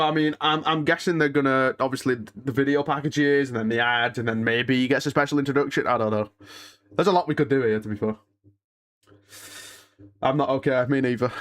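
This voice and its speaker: A man's voice: medium pitch, a bit bright. Emotional young man streaming. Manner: restless and emotional, sighing and muttering oaths. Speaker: streamer hosting a live watch-along. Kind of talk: casual live-stream chat, reading and answering chat.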